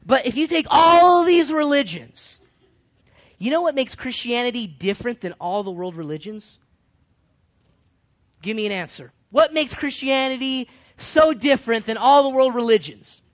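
A man preaching a sermon to a group, his delivery animated and swinging between loud and hushed. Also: extremely high pitch, normal speed. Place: California. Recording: dull lo-fi recording.

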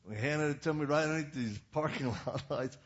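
An older man preaching, telling a story and acting out the other people's lines with sudden loud bursts. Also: a little high, a little fast. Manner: animated, acts out quotes with sudden loud bursts. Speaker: evangelist preacher. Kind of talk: storytelling sermon. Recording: dull lo-fi sound.

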